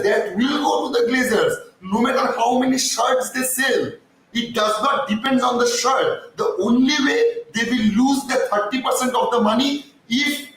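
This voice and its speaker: A man rants through a live-stream fan commentary in a fairly high voice, swearing and then apologizing for his heat. He sounds set back from the mic in a very echoey space with a faint hiss underneath. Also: fairly bright tone, recorded from a distance. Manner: heated, ranting, swears, apologizes for getting hyper. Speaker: fan channel host.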